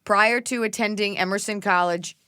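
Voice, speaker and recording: A young adult woman from Texas hosting a podcast, joking and teasing her father in quick casual banter. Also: medium pitch, fairly even intonation, bright, forceful tone, smooth. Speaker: podcast host. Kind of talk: casual chat.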